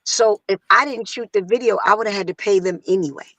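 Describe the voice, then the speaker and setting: Animated woman telling a story. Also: quick pace, no echo, poor audio. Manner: animated, acts out quotes in a higher voice. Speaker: guest singer. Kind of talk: casual storytelling.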